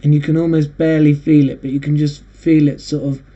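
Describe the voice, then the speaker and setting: A man hosting a casual monologue, rambling and halting with frequent restarts. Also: on the high side, level tone, mellow. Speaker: host. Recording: dull lo-fi recording.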